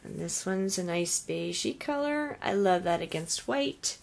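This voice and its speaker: A woman's voice: fairly low pitch, lively intonation, measured pace, gravelly, a little mellow. A woman vlogger chatting casually as she unboxes craft gifts, gushing, exclaiming and often sighing.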